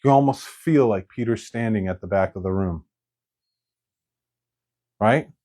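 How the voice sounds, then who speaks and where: A male pastor preaching a sermon, telling the story in an animated way and acting out the quoted lines. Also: fairly low pitch, a little slow.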